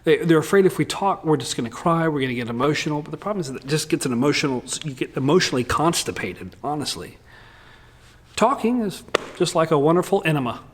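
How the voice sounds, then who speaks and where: A male pastor preaching a sermon in a candid, humorous way with lively swings in delivery. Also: fairly high pitch, quick pace, slight background noise.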